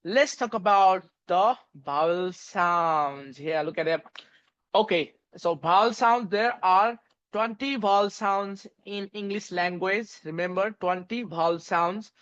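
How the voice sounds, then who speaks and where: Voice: mid-range voice, takes it slowly, a bit bright, smooth, dull audio. A teacher giving an online English pronunciation lesson, spelling out words letter by letter with many fillers and restarts. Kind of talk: online lecture.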